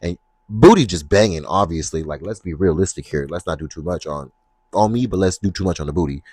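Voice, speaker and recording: Sassy man with a deep low voice. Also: fairly quick, husky, dry recording. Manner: sassy, expressive, slips into playful put-on voices when retelling scenes. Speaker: podcast host. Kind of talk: casual solo podcast talk.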